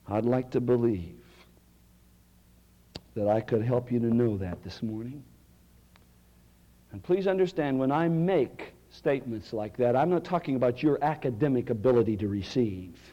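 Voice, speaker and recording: A male pastor preaching a sermon in a church, swinging from loud, rising cries to hushed, quiet lines. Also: mid-range voice, muffled recording.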